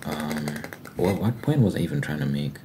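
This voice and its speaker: A young man hosting an ASMR video, telling a rambling, candid story in a casual way and sometimes dropping to a soft near-whisper. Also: a bass voice, animated, very noisy. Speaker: ASMR channel host. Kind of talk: casual storytelling over fast tapping ASMR. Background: fast tapping and typing sounds.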